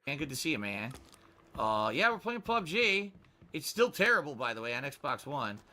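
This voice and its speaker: A man streaming a shooter game, excitable and swearing as he yells at the gameplay. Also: mid-range voice, moderate pace, slight background noise. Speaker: gaming streamer. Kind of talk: loud gameplay commentary.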